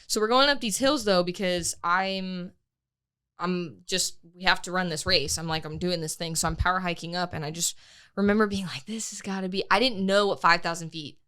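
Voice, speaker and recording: A young woman co-hosting a podcast tells a race story in casual chat, acting out her own quotes and swearing freely. Her voice is lowish, brisk, pushed and bright, yet smooth.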